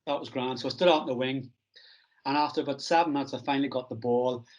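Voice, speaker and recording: Middle-aged man from Northern Ireland, relaxed anecdotal interview, self-deprecating, slightly dull lo-fi sound. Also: mid-range voice, fast talker. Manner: anecdotal, self-deprecating, acts out quoted dialogue. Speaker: strength and conditioning coach, interview guest.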